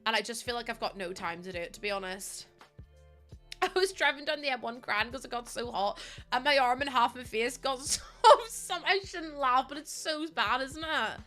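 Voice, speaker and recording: A woman's voice: a little high, normal speed, bright, forceful tone, faint music behind. A young woman chatting casually to her live chat as a streamer, laughing often and filling with "like". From United Kingdom.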